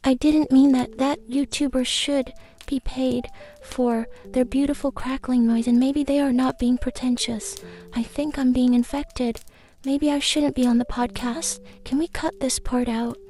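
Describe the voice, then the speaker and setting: A woman's voice: sits high, steady tone, unhurried, dark tone, pitched above the performer's own voice. A woman voicing a small, fussy female garden fairy who lectures in a preachy, easily agitated, rambling way. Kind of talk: comic character podcast chat.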